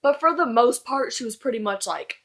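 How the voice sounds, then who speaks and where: A woman's voice: fairly high pitch, animated, brisk. A young woman reviewing a book in casual chat, gushing and rambling as she fangirls.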